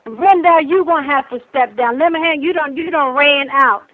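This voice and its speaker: A woman's voice: high voice, normal speed. An older woman, speaking out angrily and emphatically as a grieving grandmother, repeating her points. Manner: angry, emphatic, repeats herself. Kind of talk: impassioned public complaint. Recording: tinny phone line.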